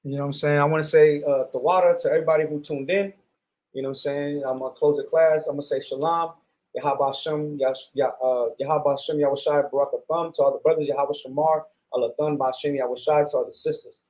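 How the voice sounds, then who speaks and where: An American man preaching a fervent class, repeating himself often and filling pauses with "you know" and "right?". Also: fairly high pitch, steady tone, a little mellow. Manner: repetitive, fervent, with many fillers. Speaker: street preacher teaching a class. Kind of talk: preaching lecture.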